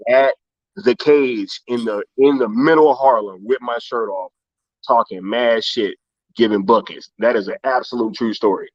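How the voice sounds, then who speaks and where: A man from Inglewood, California, hosts an easygoing live-stream chat, loose and full of slang, breaking into laughs. His voice is mid-pitched and sits close and dry, with a slightly dull, lo-fi sound. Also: normal speed, no room sound. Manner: laid-back, laughs often, heavy slang. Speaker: host.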